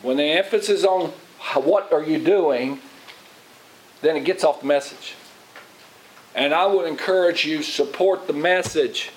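Middle-aged man as pastor, folksy rambling sermon, slightly high voice, light tape hiss. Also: a little slow, poor audio. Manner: folksy, rambling, asks the congregation questions. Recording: faint hiss.

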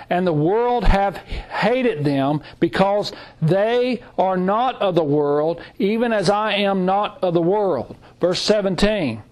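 A man's voice: high voice, expressive, slow pace, hardly any pauses, a little mellow. A middle-aged man teaching a Bible class, emphatic and repetitive, reading scripture aloud. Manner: emphatic, repeats phrases, reads scripture aloud. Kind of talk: sermon.

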